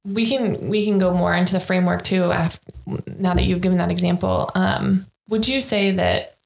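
A woman hosts a casual podcast interview and asks halting questions full of fillers. Her voice is low with a gravelly fry. The recording sounds roomy and echoey. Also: fairly even intonation. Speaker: podcast host.

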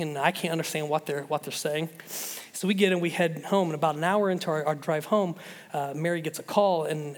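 A man, a pastor, telling a story in a sermon, animated and acting out the voices of the people in it. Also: sits high. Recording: long reverb of a large hall.

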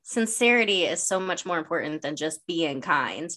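A middle-aged woman co-hosting a casual podcast chat, an animated storyteller who swears freely and acts out quotes. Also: low voice, moderate pace. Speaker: podcast co-host.

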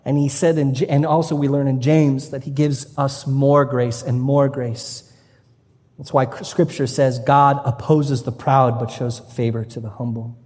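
A man's voice: mid-range voice, level tone, measured pace, darkish tone. A male pastor preaching a sermon to a live congregation, conversational and humorous at times, then earnest and passionate. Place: church sanctuary. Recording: long hall reverb from a church room.

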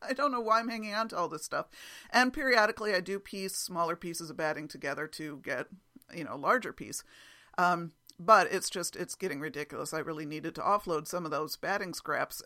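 Woman, solo podcast host, bright voice, chatty, self-deprecating, laughs a lot. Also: fairly low pitch. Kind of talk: casual solo podcast chat.

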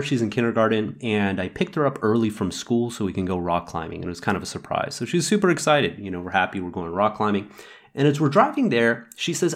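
A man in his thirties speaks on his podcast in an easy, storytelling way, pausing on small fillers as he thinks aloud. His pitch rises and falls freely, giving the talk an animated lilt. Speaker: podcast host.

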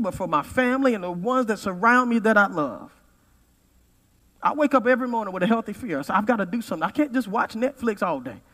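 Give me a high-pitched male pastor in his forties preaching in a reverberant hall. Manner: preaching with sudden loud peaks and quiet drops. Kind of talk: sermon.

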